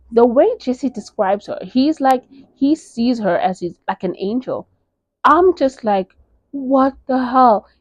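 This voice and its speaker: A woman's voice: fairly high pitch, no room sound. A young woman from South Africa, gushing her way through book recommendations in an easy, chatty tone and scattering "like" everywhere. The sound is close and dry, with no room in it, and a bit dull and muffled at the top end. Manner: gushing, animated, filler-heavy with many "like"s. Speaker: book reviewer. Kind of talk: casual book recommendation vlog.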